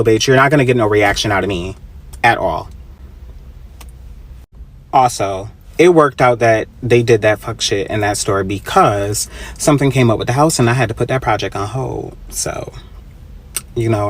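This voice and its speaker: Blunt, profane man telling a story. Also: medium pitch. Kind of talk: casual commentary.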